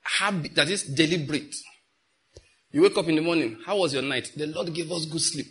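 Pastor preaching, slightly high voice. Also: male voice, brisk, fairly bright tone. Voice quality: conversational preaching, rhetorical questions to the congregation. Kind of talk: sermon.

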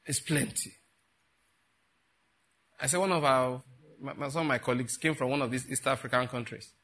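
A middle-aged Nigerian man preaching a sermon, telling stories with animated, laughing retellings. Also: mid-range voice, normal speed. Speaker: pastor. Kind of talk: sermon with storytelling.

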